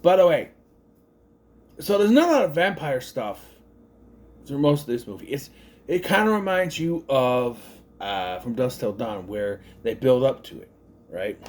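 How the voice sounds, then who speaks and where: A man reviewing a film in a loose, unscripted way, his pitch swinging up and down a lot as he talks. He rambles, restarts sentences and corrects himself mid-thought. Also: animated, unhurried. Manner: rambling, self-correcting, thinks aloud with many restarts. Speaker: movie reviewer. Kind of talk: casual spoken movie review.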